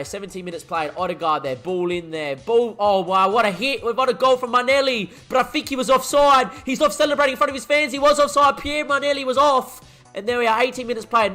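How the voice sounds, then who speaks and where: A man commentating his football video game as a streamer, muttering one moment and shouting the next. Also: sits high. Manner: excitable, swings from muttering to shouting. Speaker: gaming streamer.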